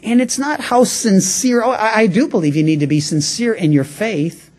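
A man's voice: high-pitched, moderate pace, a little mellow. A man preaching a radio sermon, talking through his point in a conversational way, with frequent restarts and stammers. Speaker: pastor.

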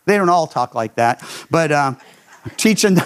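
Lively older pastor preaching a sermon. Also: male voice, a little slow, smooth. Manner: animated storyteller, voices quotes with leaps in pitch. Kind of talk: radio sermon.

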